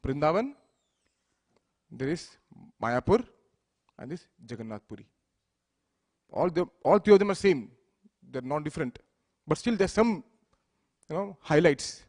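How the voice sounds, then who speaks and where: Male preacher, fairly high voice, storytelling sermon that acts out dialogue with loud bursts. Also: lively intonation, unhurried, pauses often. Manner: acts out the deities' speech with rising loudness, asks listeners "right?". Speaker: speaker giving a temple lecture.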